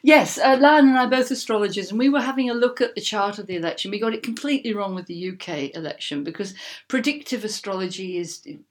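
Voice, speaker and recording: A woman's voice: mid-range voice, lively intonation, fast, few pauses. A woman co-hosting a casual podcast as the vicar, chatting and laughing easily, explaining ideas at length over a video call. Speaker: podcast co-host, vicar and astrologer.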